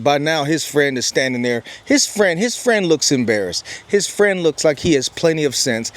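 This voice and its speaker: A middle-aged man telling a personal story in a casual, animated monologue, emphatic and full of repeats. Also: medium pitch. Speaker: vlogger, storyteller.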